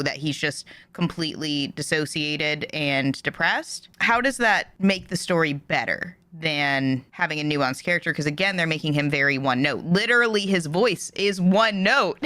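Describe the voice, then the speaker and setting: A woman hosting a reaction video, giving animated, opinionated commentary that rises when she gets passionate. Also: low voice, no room sound.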